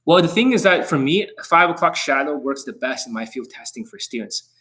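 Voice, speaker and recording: A man's voice: fairly high pitch, animated, fairly quick, pushed and bright. A middle-aged man, a dating coach, talking on a live stream in an intense, rambling, profane way that can come across as angry.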